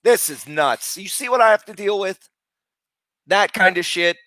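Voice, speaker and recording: Loud, profane male live streamer. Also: high-pitched, lively intonation, a little slow, dry recording. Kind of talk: casual live stream chat.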